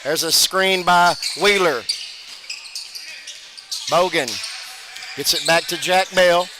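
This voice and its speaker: A man doing brisk play-by-play commentary of a basketball game, his voice jumping up loud on big plays. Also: high voice. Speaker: play-by-play announcer. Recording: broadcast over loud gym noise.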